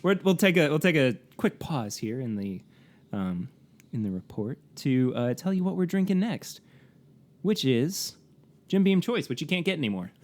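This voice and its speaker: A man's voice: fairly high pitch, sing-song, normal speed. A man co-hosting a casual podcast, talking through facts with many fillers. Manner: chatty, reads facts with frequent fillers and laughs. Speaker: podcast co-host. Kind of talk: casual chat.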